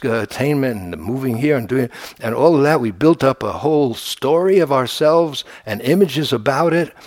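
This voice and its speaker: At a meditation retreat center, a male meditation teacher gives a dharma talk in a conversational, humorous way, often restarting his sentences. His voice is medium-pitched, with no room sound.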